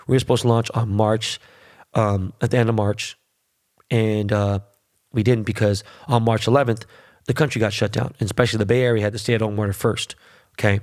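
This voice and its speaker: A man's voice: fairly low pitch, flat delivery, brisk, a little mellow. A middle-aged man hosting his own podcast alone, ranting in a profane, boastful way. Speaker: podcast host. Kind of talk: solo podcast monologue.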